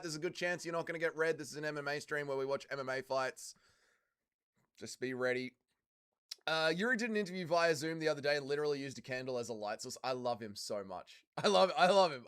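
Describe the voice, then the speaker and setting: A man hosts a live watch-along stream, reading viewer chat aloud, bantering crudely, swearing freely and calling people mate. His mid-range voice is a bit bright, clear and resonant.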